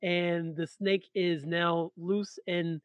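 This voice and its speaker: Chatty man, high voice, muffled sound. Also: slow pace, clear, resonant tone, dry recording. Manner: relaxed, chatty, with asides. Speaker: podcast co-host. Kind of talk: casual storytelling chat.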